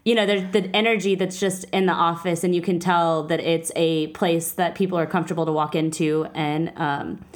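A woman's voice: fairly low pitch, steady tone, normal speed, hardly any pauses. A woman hosting a casual interview, talking earnestly and getting emotional at times. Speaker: podcast host.

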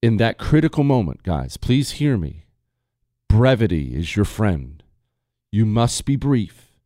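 Joking talk radio host man, lively delivery. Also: fairly low pitch, measured pace, no room sound, clean studio sound. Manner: joking and emphatic, addressing listeners directly. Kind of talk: casual talk radio monologue.

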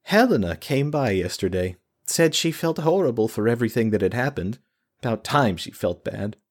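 A man voicing a defeated, grieving village mother who talks in a flat, bitter monotone. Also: mid-range voice, normal speed, voice pushed up, lightly acted. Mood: weary, bitter.

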